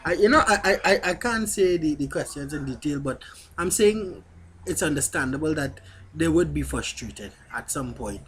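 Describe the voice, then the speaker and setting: A man's voice: a little high, animated, normal speed, a bit bright, slight background noise. A man vlogging in a blunt, candid way, speaking straight to his viewers. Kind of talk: casual talk to camera.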